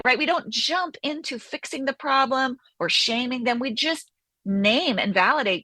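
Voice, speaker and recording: A woman therapist talking as an interview guest, animated and acting out inner voices as she explains. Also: medium pitch, normal speed, dry recording. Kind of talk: conversational interview.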